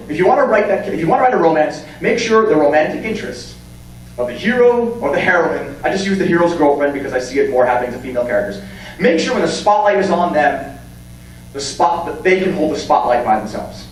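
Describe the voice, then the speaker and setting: A man in his thirties gives a joking, animated panel talk about writing heroes. His fairly high voice bounces around a big hall, captured from a distance with a faint hum. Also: quick pace. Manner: animated, jokey, acts out scenes. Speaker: convention panelist. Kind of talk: comedic lecture. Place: convention panel room.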